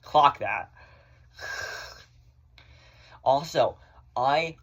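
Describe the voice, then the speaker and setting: A man's voice: medium pitch, lively intonation, extremely slow, creaky. A man vents in a blunt, sassy rant, recorded on his phone at home. His speech is loose and full of filler words, with casual swearing woven through it. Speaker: vlogger.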